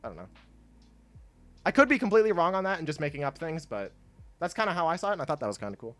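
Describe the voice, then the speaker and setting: A man's voice: fairly high pitch, sing-song, rapid-fire, pauses often, a bit bright, soft background music. A young man chatting casually while streaming a video game, rambling with lots of fillers and laughing often. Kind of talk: casual gameplay stream chat.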